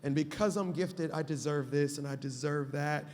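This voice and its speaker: Speaking at normal speed, a male pastor with a slightly high, somewhat mellow voice addresses a live conference audience from a panel. He has an emphatic, preacher's rhythm, heard through the long reverb of a large hall.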